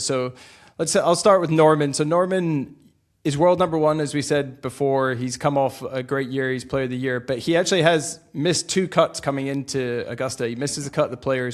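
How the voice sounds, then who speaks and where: Relaxed mid-pitched male podcast co-host. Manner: relaxed, steady, walks through facts, laughs along. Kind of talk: casual golf history chat.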